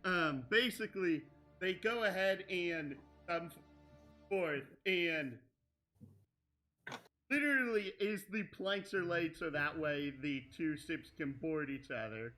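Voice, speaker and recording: Man, game master, high voice, very bright tone, slow, rambling narration. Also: expressive, faint music behind. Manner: rambling, full of restarts and fillers like "like".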